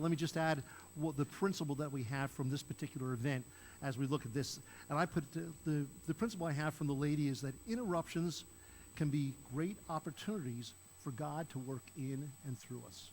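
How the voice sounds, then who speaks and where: A man's voice: fairly high pitch, brisk, a little mellow, slight background noise, poor audio. A man preaching a sermon as pastor, acting out the Bible characters in raised voices as he tells the stories.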